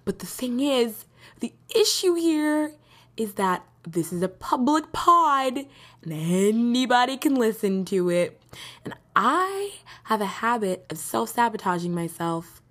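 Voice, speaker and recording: Lively young woman telling stories. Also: on the high side, takes it slowly. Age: young adult. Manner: animated, rambling, laughs often. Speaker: podcast host. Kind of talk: casual solo podcast storytelling.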